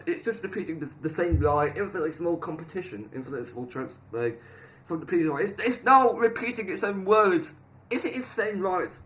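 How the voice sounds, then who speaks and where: A man giving rambling, excitable casual commentary, often laughing and restarting his sentences. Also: a little high. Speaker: video creator. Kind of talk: casual commentary reading AI replies aloud.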